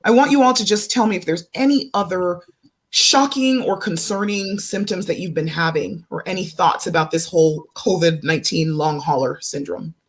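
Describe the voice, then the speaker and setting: A woman's voice: fairly low pitch, normal speed. A woman doctor hosting a panel discussion, explaining symptoms earnestly to her guests and viewers. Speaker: doctor and host. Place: studio stage with guests.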